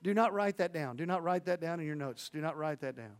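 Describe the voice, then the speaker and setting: A man preaching a sermon, earnest and animated, swinging between hushed and loud, with folksy storytelling and asides to the audience. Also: a little high, a little fast. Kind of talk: sermon on evangelism.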